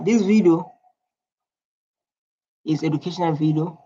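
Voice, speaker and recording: A man with a South African accent giving casual, chatty reaction commentary, repeating himself and filling pauses with "like". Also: on the high side, fairly even intonation, gravelly, darkish tone, slight background noise. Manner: chatty, repetitive, filler-heavy. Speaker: YouTube reactor. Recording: lo-fi muffled home recording.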